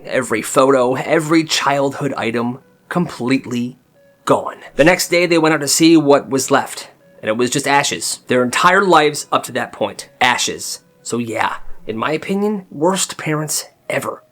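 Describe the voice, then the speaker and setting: Young guy doing storytime skits, bouncy voice that swings all over, slightly high. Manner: animated, jumps into quick voices for characters. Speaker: storytime creator. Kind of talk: comedic storytelling.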